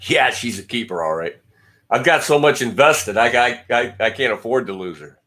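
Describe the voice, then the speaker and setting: A man's voice: medium pitch, animated, normal speed, pushed and bright. A man hosting a casual livestream, rambling and joking as he talks back to viewer comments. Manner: joking and blunt. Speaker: guitar channel host.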